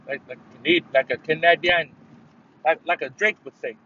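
A man talks through a solo podcast episode in a loose, rambling way, full of swearing and restarts. His voice sits a little high, and he jumps into loud, emphatic bursts. The recording is dull and lo-fi, with a faint hiss behind it. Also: steady tone, fairly quick. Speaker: podcast host. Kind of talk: casual solo podcast rant. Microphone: headphones mic. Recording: dull lo-fi sound with faint noise.

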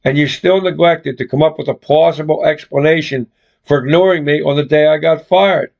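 A man's voice: fairly high pitch, normal speed, creaky, a little mellow. A man voicing a fed-up young woman who confronts her boyfriend bluntly and swears freely, on a dull lo-fi recording. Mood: resentful.

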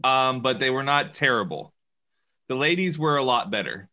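Bright-voiced joking man. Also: medium pitch, expressive, normal speed. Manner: joking, laughs often, storytelling. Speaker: podcast co-host. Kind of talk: casual chat.

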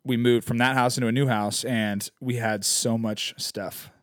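Relaxed man in his twenties chatting. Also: mid-range voice, moderate pace, no echo, studio quality. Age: 20s. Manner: relaxed, rambling, chuckles often. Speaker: podcast co-host. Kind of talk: casual podcast chat.

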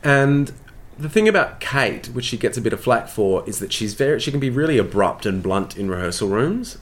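An actor from Tasmania with an Australian accent, chatting through anecdotes in a casual, self-deprecating way during an interview. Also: male voice, mid-range voice, very animated, moderate pace.

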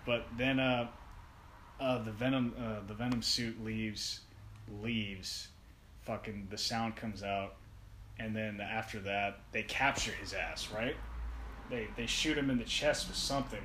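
A man co-hosting a podcast, reviewing a movie in casual, profane, animated chat. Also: fairly low pitch, a little slow. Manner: profane, animated, laughing rants. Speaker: podcast co-host. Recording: echoey room with faint noise.

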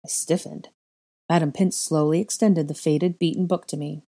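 A woman reading a first-person story aloud in a measured, soft storytelling manner. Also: low-pitched, steady tone. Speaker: audiobook reader. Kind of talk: first-person fan fiction narration.

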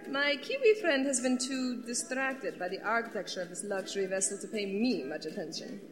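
A woman's voice: fairly high pitch, lively intonation, fairly quick, in a large hall, lightly acted. A woman playing a sly, teasing countess. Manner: dry, teasing. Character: sly, worldly female countess, cool and teasing.

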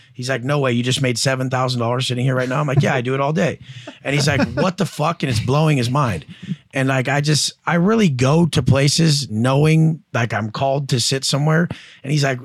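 In studio-quality sound with no echo, a guest entrepreneur and coach speaks briskly in a mid-range voice. His casual interview storytelling is blunt and profane, and he acts out each character's voice.

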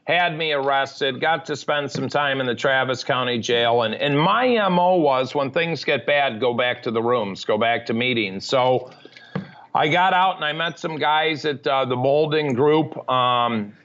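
As a guest on a candid storytelling podcast, a recovery advocate recounts his life story frankly and matter-of-factly. His medium-pitched voice is a little slow and a bit bright, and the recording is muffled.

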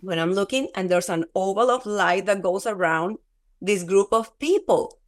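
A woman who is a guest in an interview, telling a personal testimony in a halting, earnest way, with many filler words and restarts. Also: mid-range voice. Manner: earnest, often breaks into laughter.

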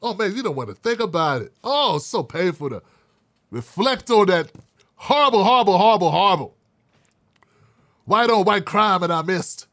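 A male commentator with a high, very lively voice, swooping up and down as he mocks and swears his way through his own online show. He sounds sarcastic and loose, and his voice is dry and close, with no room sound. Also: normal speed, no room sound. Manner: sarcastic, mocking, profane. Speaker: independent media commentator.

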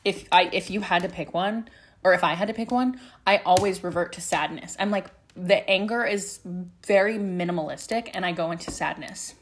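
A woman's voice: lowish voice, normal speed. A young woman hosting a solo podcast, talking in a loose, rambling way and swearing freely as she opens up. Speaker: podcast host. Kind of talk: candid solo podcast chat.

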